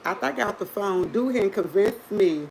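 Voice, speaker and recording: A woman hosting a livestream, telling a funny story to her viewers in an animated, chatty way and laughing often. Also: mid-range voice, normal speed, gravelly, slight background noise, rough recording. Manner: drinks coffee while talking. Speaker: livestream host.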